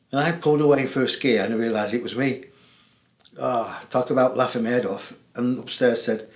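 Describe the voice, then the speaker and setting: A chatty English man hosts a call-in show on spiritual matters, talking straight to his viewers. He jokes a lot and laughs easily, at an ordinary middle pitch, and his voice carries the echo of the room. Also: normal speed. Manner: chatty, jokey, laughs often. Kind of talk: casual monologue to viewers.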